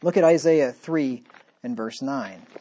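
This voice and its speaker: A man preaching a sermon, reading verses aloud and dropping into sarcastic low asides between loud points. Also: a little slow.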